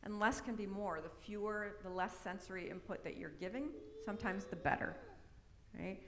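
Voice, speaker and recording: Her mid-range voice moves at a moderate pace as this middle-aged woman gives a chatty, informal workshop presentation. "Right?" and "um" come up often. The setting is a large church hall, and the recording has long, echoey reverb and faint noise.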